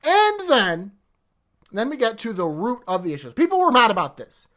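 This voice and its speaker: A woman content creator rants about a game, exasperated and swearing freely. Her pitch swings widely as she talks, giving the rant an animated, restless energy. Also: quick pace. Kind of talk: ranting game commentary.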